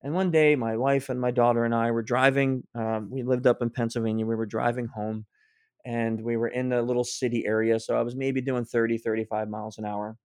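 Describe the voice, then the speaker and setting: A man's voice: mid-range voice, level tone, a little fast, darkish tone, clear, resonant tone, no room sound, clean studio sound. A middle-aged man, a guest author, earnestly telling a personal story in conversation, often restarting his sentences.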